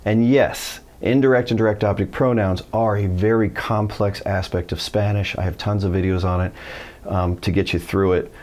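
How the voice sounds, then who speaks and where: A middle-aged American man teaching a Spanish lesson in English, telling stories and acting out quoted speakers with lively pitch jumps. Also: moderate pace. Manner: animated storytelling, acts out quoted voices. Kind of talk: video lesson.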